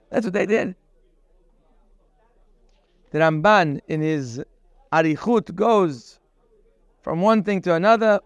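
A man leads a Torah class at an unhurried, measured pace, quoting Hebrew verses and translating them one by one. His voice is high and clear. The sound is dry and close. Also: no room sound. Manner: acts out quoted speech with sudden raised emphasis. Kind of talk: lecture-style Torah class.

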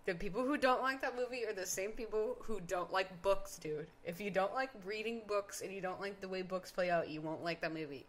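A woman's voice: mid-range voice, fairly quick, hardly any pauses, a little hiss or hum. A young woman co-hosting a podcast in casual chat, rambling with lots of "like" fillers. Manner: rambling, filler-heavy, says "like" a lot. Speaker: podcast co-host.

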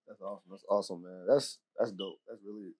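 A man's voice: low-pitched, fairly even intonation, quick pace, darkish tone. A man co-hosting a podcast, talking in slangy, casual praise. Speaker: podcast co-host. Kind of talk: casual interview talk.

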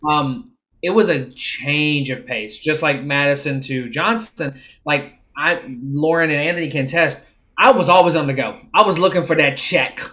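A podcast guest chiming in casually, telling a story in an animated, joking way. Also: medium pitch, normal speed.

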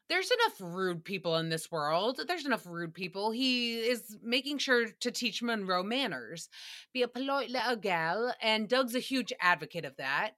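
A woman's voice: medium pitch, bright, forceful tone. A woman hosting a podcast, recapping a radio show in sassy casual chat, swearing freely, laughing often and acting out quotes. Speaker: podcast host.

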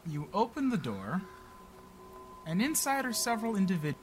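A man runs a tabletop game, his voice bouncing up and down as he sets each scene. He sits a little high in pitch, with a faint hiss of noise behind him. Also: moderate pace. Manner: animated, describing scenes. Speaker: game master. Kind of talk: narrating a tabletop game podcast.

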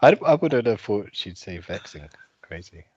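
Very deep-voiced man, low-key. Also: big pitch swings, moderate pace, darkish tone, husky, dry recording, dull audio. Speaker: podcast co-host. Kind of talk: casual podcast chat.

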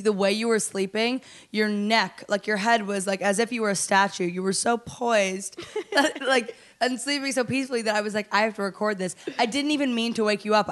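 A woman's voice: mid-range voice, normal speed. A young woman co-hosting a podcast, chatting casually in a playful, giggly way. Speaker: podcast co-host. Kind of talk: casual chat.

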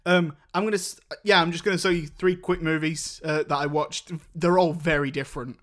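A man's voice: on the high side, fairly even intonation, a little fast, fairly bright tone. A young man hosting a podcast in casual, rambling chat. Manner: rambling, chatty, laughs while retelling scenes. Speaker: podcast host.

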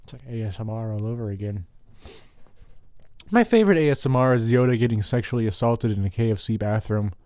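A man's voice: mid-range voice, a little mellow, dry recording. A man rambling through a crude, profane solo monologue into a close microphone.

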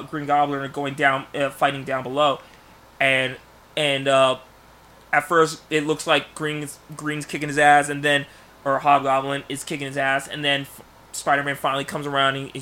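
A man in casual podcast chat, pitching a movie plot in rambling bursts with many restarts. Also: completely flat delivery, moderate pace. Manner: rambling storyteller, many restarts, bursts of loud acted lines. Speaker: podcast co-host.

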